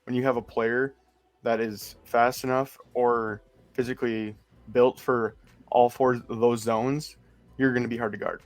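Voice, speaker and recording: A man's voice: mid-range voice, flat delivery, measured pace. A young man co-hosting a casual sports podcast, blunt and profane in his banter. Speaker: podcast co-host.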